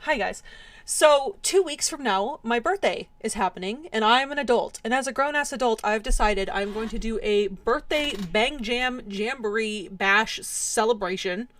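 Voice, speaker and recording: A young woman streamer chatting with her viewers, mock-angry and exasperated, her voice hoarse and cracking from yelling. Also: fairly high pitch, normal speed. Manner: mock-angry, exasperated, laughing rants at chat. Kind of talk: casual live-stream chat with viewers.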